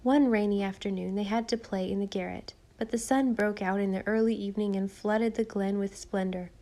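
In measured, expressive tones, a woman narrates a children's classic for an audiobook, reading from a script. Her mid-range voice stays calm and even throughout.

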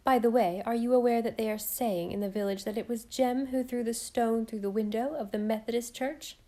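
A woman voicing a fussy, self-pitying older aunt who speaks in a slow, reproachful drawl. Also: on the high side, fairly even intonation, mellow, lightly acted.

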